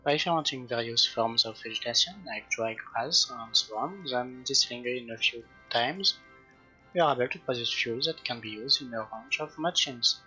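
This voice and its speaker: Cocky inventor bragging in a game cutscene, bright husky voice. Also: male voice, mid-range voice, normal speed, faint music behind, poor audio. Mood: boastful. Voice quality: boastful, grandiose. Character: boastful male inventor, proud and scornful.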